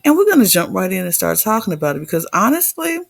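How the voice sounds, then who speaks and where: A woman's voice: on the low side, big pitch swings, quick pace, gravelly, dry recording. A woman hosting a podcast in a sassy, playful diva manner. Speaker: podcast host. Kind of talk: casual chat.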